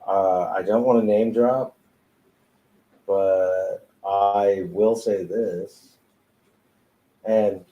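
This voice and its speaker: A man's voice: on the low side, steady tone, very slow, long pauses, warm tone, low-quality recording. A man who is a tattoo artist, telling his story in a casual, profane, laid-back way with frequent laughs, recorded in a tattoo studio.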